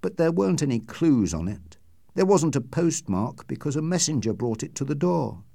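Male narrator as a nervous doctor hiding something, pleading tone, very lively pitch, dry close recording. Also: moderate pace, vocal fry, no room sound, full character voice. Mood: troubled. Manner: earnest, pleading reassurance. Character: anxious, secretive male doctor, middle-aged. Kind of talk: audiobook character reading.

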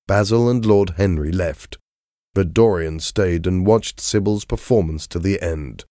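Slow, dark-voiced male storyteller. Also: deep voice, no room sound, clean studio sound. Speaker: narrator. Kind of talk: scripted story narration.

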